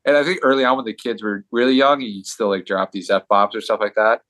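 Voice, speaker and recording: Guy around 40 rattling off stories fast, lowish voice, dry close mic. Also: steady tone, fairly bright tone, no room sound. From United States. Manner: rapid, loose storytelling. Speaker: podcast guest, pro hockey player. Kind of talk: casual chat.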